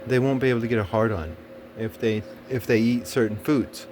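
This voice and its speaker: A man's voice: mid-range voice, brisk, darkish tone, a little hiss or hum. A man telling a personal story in a rambling monologue, swearing often and stumbling through fillers and restarts. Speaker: storyteller recounting a personal experience. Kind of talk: casual monologue.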